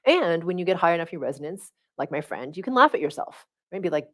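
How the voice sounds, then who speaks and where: A woman's voice: fairly low pitch, animated, quick pace, hardly any pauses. A middle-aged woman hosting a livestream, giving a casual teaching talk and often checking in with her listeners. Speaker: spiritual coach hosting a livestream.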